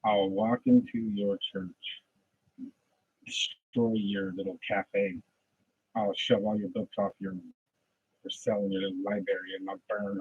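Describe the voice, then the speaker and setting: A man practicing a podcast monologue, ranting passionately like a preacher and then dropping to low muttering, recorded at home. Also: slightly rough, no echo, narrow, tinny audio. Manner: impassioned preachy rant, swings from loud to low muttering. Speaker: aspiring podcaster.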